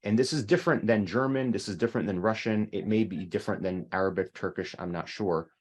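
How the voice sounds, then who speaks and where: A man teaching an online language lesson, explaining slowly and repeating sounds for learners. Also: fairly low pitch, husky.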